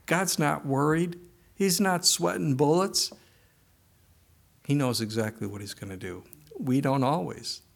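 A man's voice: fairly high pitch, a little slow, creaky, long pauses. A middle-aged man preaching a sermon in a conversational way, now and then acting out the voices he quotes. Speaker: pastor.

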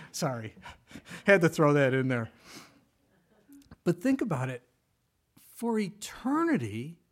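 A middle-aged man preaching a sermon in a conversational way, with sudden loud bursts, hushed asides and the odd laugh. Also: a little high, slightly rough. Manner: jokes and laughs with the congregation. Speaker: pastor.

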